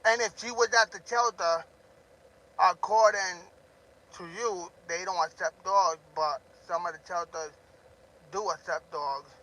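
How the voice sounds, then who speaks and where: A man ranting loudly on a live stream, talking straight to a viewer, amped up and always yelling. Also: high voice, steady tone, unhurried, poor audio.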